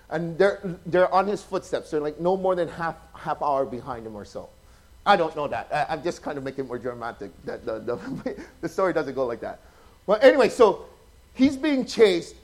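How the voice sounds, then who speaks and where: A man preaching in a notably high voice keeps the tone loose and talkative, storytelling with real energy. He plays out the figures in his tales and regularly turns to the crowd with questions.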